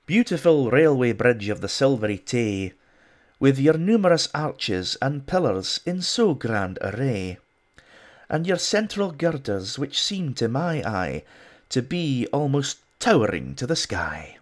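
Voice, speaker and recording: A man's voice: medium pitch, sing-song, a little slow, voice pushed up. A man putting on a Scottish accent to play a pompous Victorian poet, reciting verse in a grand, sing-song way. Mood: grandly declaiming. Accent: put-on Scottish. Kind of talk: dramatic poetry recital.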